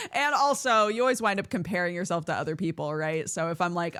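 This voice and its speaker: A woman streamer in casual chat with viewers, animated and laughing often as she reads chat aloud. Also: on the low side, quick pace, hardly any pauses, smooth, dry recording, studio quality.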